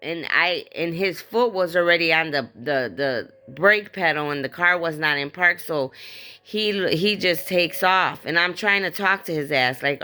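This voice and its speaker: A woman's voice: fairly low pitch, a little slow, pushed and bright, clear, resonant tone. A middle-aged woman, a grieving mother, vividly retelling a traumatic event with quoted speech, fillers and raw swearing. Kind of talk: personal testimony.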